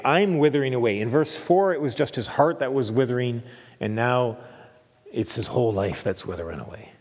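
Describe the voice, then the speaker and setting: A middle-aged male pastor preaches with an earnest voice, repeating his key phrases and sinking to a hushed tone before rising again. His voice sits mid-range for a man, and it rings out with a long reverb, as in a church hall. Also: medium pitch, husky. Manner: earnest, repeats phrases for emphasis, drops to a hush then lifts. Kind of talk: sermon.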